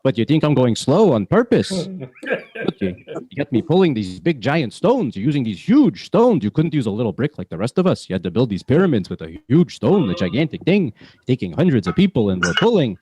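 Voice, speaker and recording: A man voicing a whiny little old Hebrew slave with a Yiddish-inflected accent, kvetching in stammering rapid questions over a video call. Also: mid-range voice, very animated, background noise, natural voice.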